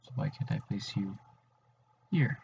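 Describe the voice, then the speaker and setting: Young man, low voice, mellow, muttering while building, dull lo-fi stream audio. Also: animated, a little slow, gravelly, slight background noise. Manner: muttering to himself while building, half-mumbled. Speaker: live stream host building a model. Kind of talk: casual live-stream chat.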